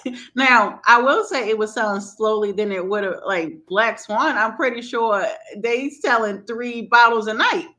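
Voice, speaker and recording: Podcast co-host, woman, bright forceful tone, animated casual storyteller who laughs easily. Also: a little high, normal speed. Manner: animated, laughing often, colloquial.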